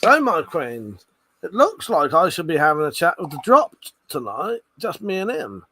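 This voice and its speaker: A man's voice: fairly high pitch, wildly swooping pitch, normal speed, sharp tone, slight background noise. A man hosting a late-night livestream, chatting with viewers while he swears a lot, laughs often and bickers. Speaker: livestream host.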